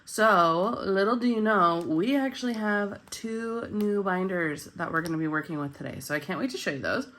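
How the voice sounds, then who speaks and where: A woman hosting her budgeting channel in casual chat, upbeat and chatty, her voice husky with morning voice and a coming cold. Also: medium pitch, moderate pace, few pauses, a bit bright, slight background noise.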